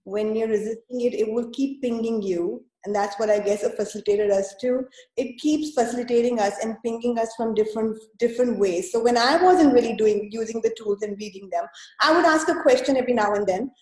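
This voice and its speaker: A woman guest recounts her story in a relaxed, mellow voice that sits a little high. She talks in halting runs with many fillers and restarts. The room around her sounds echoey. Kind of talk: conversational storytelling.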